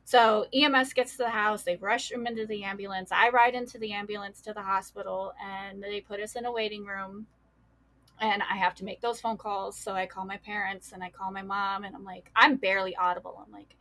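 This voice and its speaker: A woman's voice: mid-range voice, fairly even intonation, fairly quick, a bit bright. A woman guest recounting a painful personal loss in a casual, filler-heavy way. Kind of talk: personal storytelling.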